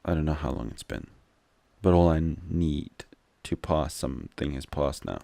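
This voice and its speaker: A man's voice: extremely low pitch, moderate pace, gravelly, mellow, no echo. A man reading a visual novel aloud as a gameplay commentator, adding wry, joking asides.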